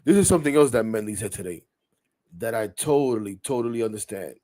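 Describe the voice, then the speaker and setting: A middle-aged man hosting a casual sports podcast, talking in an animated, rambling way, swearing freely and getting heated. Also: on the low side, fast talker. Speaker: podcast host.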